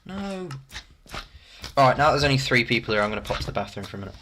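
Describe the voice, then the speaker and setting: Bright-voiced rambling streamer. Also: male voice, medium pitch, racing, a little hiss or hum. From Coventry, England. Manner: self-mocking, rambling asides with many ums. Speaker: game streamer. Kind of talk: casual live-stream commentary.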